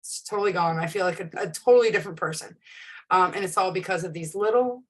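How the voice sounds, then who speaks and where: A woman's voice: lowish voice, fast talker. A woman in her forties hosts a casual live stream. She talks in a chatty, rambling way and often restarts her sentences with ums. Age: 40s. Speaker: host.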